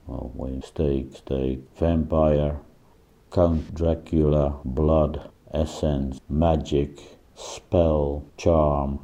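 Very deep, slow-talking man. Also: dark tone. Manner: slow, deliberate, list-like. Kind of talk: slow free word association.

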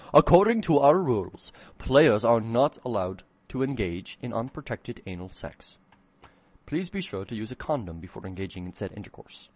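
A man's voice: medium pitch, dry recording, muffled recording, lightly acted. A man voicing a tall, mysterious official of a religious game council who delivers a formal announcement.

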